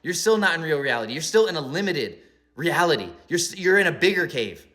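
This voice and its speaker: Young male monologuist, bright and forceful tone, rambling and emphatic delivery. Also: a little high, very animated, a little fast. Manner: rambling, emphatic, many "like" and "right?". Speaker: spiritual commentator. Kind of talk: philosophical monologue.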